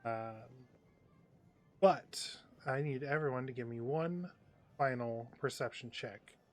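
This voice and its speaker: A man's voice: mid-range voice, slow pace, slight background noise. A man running a tabletop role-playing game as game master, talking loosely with lots of fillers. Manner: rambling with many fillers.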